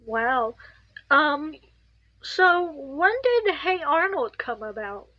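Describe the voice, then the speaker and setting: A woman's voice: high voice, sing-song, extremely slow, no echo, lo-fi sound. A woman hosting a podcast interview, asking friendly, hesitant questions with fillers. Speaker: podcast host. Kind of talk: casual interview.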